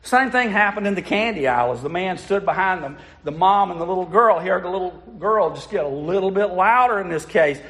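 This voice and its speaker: Guy preaching, folksy storyteller, voice bounces up and down a lot, kinda high for a man. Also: lively intonation, fairly quick, few pauses, a bit bright. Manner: folksy storytelling with audience asides. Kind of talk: sermon.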